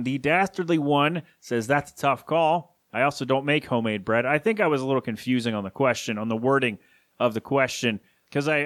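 A man's voice: mid-range voice, fairly bright tone, no room sound. A man hosting a solo podcast from his home studio, rambling casually with self-deprecating asides. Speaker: podcast host.

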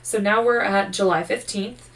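Yawning and drowsy, this true-crime podcast co-host runs through her case notes casually, cracking jokes and cursing freely. She has a gravelly mid-range voice at a moderate pace, picked up by a distant mic in poor audio.

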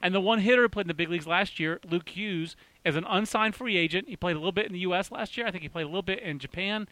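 Male host, bright and excitable, quick with restarts, dry close-mic sound. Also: sits high, no echo. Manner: excitable, rapid, full of restarts. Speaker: baseball podcast host. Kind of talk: casual sports chat.

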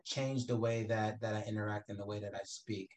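A man's voice: fairly low pitch, flat delivery, brisk. A man from the Caribbean, a guest talking about his background in a casual interview, loose and full of "you know" fillers. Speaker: guest, entrepreneur.

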